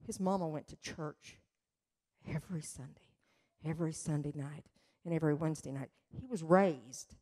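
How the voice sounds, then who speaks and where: A woman telling a story in a church sermon, slow and earnest, swelling with emotion at times. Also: low-pitched, dark tone. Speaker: church speaker. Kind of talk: testimony sermon.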